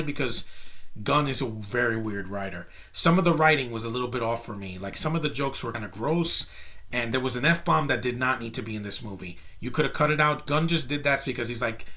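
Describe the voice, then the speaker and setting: A man talks through a film review in an offhand, unscripted way at an ordinary middle pitch. He is blunt and opinionated, and he rambles and doubles back as he rants about what he didn't like. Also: sharp tone. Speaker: movie reviewer. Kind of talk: casual spoken film review.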